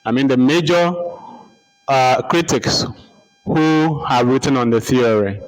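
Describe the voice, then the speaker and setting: A man giving a lecture, slowly repeating names and spelling them out letter by letter for note-taking. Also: medium pitch, faint music behind, low-quality recording. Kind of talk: slow dictation-style lecture.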